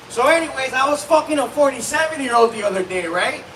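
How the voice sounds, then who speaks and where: A man performs stand-up at a comedy club open mic. His voice sits high, and he hammers his crude one-liners home by shouting them. The mic catches him from far off in an echoey room with faint background noise. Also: normal speed. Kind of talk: stand-up set.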